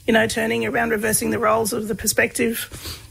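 A woman being interviewed as a guest researcher, talking in a relaxed, storytelling way with lots of fillers and easy laughs. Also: a little high, fairly quick, gravelly, slightly rough, low-quality recording. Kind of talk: conversational storytelling.

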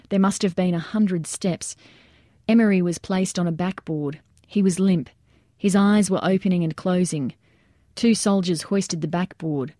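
A woman with a lowish, mellow voice reads a scripted nonfiction account. She tells it in a measured, plain way, and the recording is close and dry with no room sound. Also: dry recording. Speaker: narrator.

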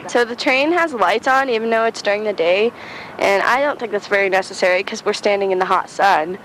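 A woman's voice: medium pitch, fairly quick. A young woman chatting casually outdoors by railroad tracks, rambling and giggly. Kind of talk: casual vlog. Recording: outdoor field recording with train noise.

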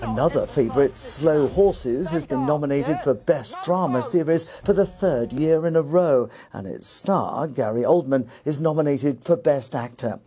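A man narrating a news report as a correspondent, in a measured delivery. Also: a little high, warm tone, faint music behind.

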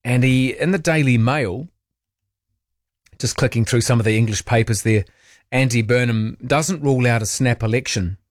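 A man's voice: mid-range voice, moderate pace, dry recording. A man hosting talkback radio in a studio, reading out listener messages with wry, chatty asides. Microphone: studio microphone.

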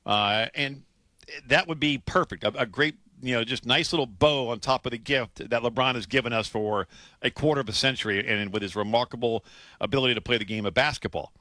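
Man, sports radio co-host, bright tone, dry close sound, joking, stammers on starts. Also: medium pitch, fairly quick, dry recording. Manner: loose, joking, repeats words when starting. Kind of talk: casual sports radio talk.

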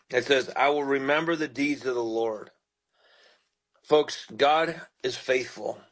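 A man's voice: mid-range voice, rough recording. Earnest radio preacher, man. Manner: earnest, pastoral, speaks directly to listeners. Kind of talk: radio sermon with scripture reading and prayer.

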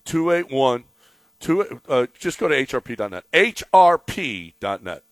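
A man hosting a sports radio show, chatting in an animated, excitable way and reading ads live. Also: mid-range voice, unhurried, no room sound. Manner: animated, excitable, repeats words when riled up. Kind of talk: casual sports talk and live ad read.

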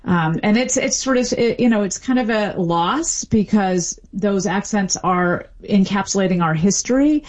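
A woman's voice: mid-range voice, moderate pace, few pauses, a little mellow. Middle-aged woman academic, expert interview guest, fluent and explanatory. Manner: fluent explanatory, light laughs, small restarts. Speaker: linguistics professor guest.

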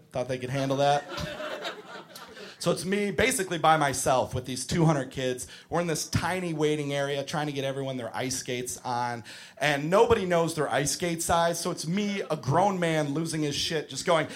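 A young man doing stand-up storytelling on a club stage, animated and bursting into shouts. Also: on the high side, moderate pace. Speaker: stand-up comedian. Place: comedy club stage before a live crowd. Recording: live crowd audible.

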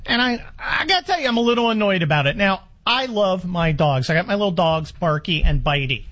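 A man's voice: high voice, animated, fairly quick, fairly bright tone. A man in his sixties hosting a talk radio show, speaking in a wry, rambling monologue full of restarts. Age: 60s.

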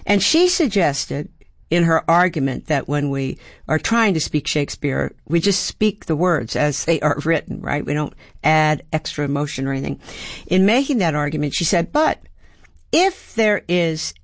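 A woman's voice: low-pitched, expressive, normal speed, no room sound. Older woman telling stories, dry close sound. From Baltimore, USA. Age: 70s. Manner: thoughtful, acts out quoted voices and rhythms. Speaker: actor and playwright, guest. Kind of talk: reflective interview storytelling.

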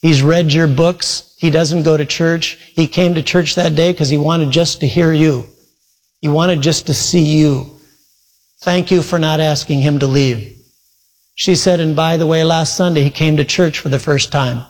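Male preacher, earnest storytelling, somewhat high voice, long echo of a big hall. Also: steady tone, measured pace. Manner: earnest storytelling with quoted retellings and sudden loud shouts. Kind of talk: sermon storytelling.

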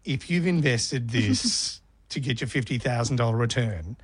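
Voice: mid-range voice, animated, moderate pace, breathy edge, no echo. A radio host with an Australian accent, joking and teasing through casual studio banter. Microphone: studio microphone.

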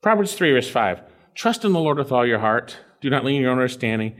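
A man preaching an expository sermon, reading scripture aloud and explaining it, swinging from emphatic high points to quiet low asides. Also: sing-song, quick pace. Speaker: pastor.

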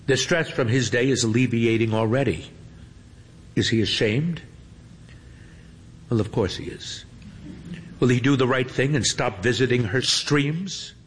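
A man narrating a story in an unhurried, dry and wry manner. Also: mid-range voice. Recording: faint hum with long reverb.

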